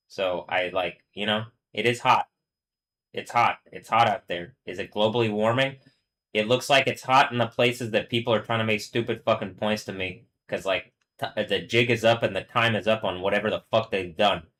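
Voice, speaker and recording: Guy rambling on a live stream, lowish voice, swears a lot, laughs at his own jokes. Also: fairly even intonation, moderate pace, a bit bright, poor audio.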